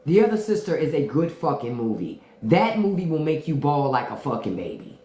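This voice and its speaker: A woman hosting a casual livestream chat, her low voice swinging widely in pitch. She talks slowly and with emphasis, swears freely and says the same line over and over. The room around her is echoey. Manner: animated, profane, repeats lines for emphasis. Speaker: livestream host.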